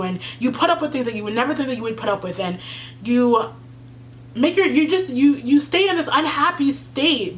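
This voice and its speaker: A woman's voice: a little high, fairly bright tone, slight background noise. A young woman vlogger telling a personal story to camera, earnest and tearful, with many fillers and repeats. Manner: earnest, heartfelt, fillers and repeats, fighting back tears.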